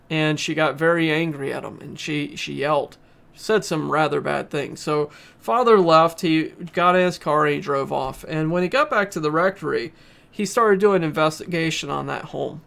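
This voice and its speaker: Gravelly guy on a podcast, kinda high voice, retelling a story all earnest with lots of uhs. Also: normal speed, fairly bright tone. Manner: earnest storyteller, frequent uh fillers. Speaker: podcast reviewer. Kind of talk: casual spoken retelling and commentary.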